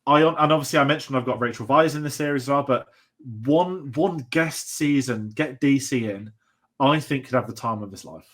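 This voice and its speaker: A man co-hosting a casual film podcast, excitable and rambling, swearing casually. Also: medium pitch, normal speed. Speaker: podcast co-host.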